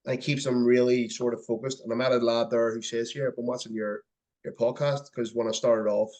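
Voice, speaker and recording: A man in his thirties hosting a podcast in a quick, chatty way. He encourages his guest and swears casually as he talks. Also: medium pitch, level tone, a little mellow. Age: 30s. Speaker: podcast host. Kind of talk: casual conversation.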